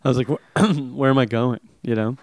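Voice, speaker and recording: A man's voice: mid-range voice, normal speed, a little mellow, no room sound. A young man, a comedian, telling rambling stories in casual chat and laughing often.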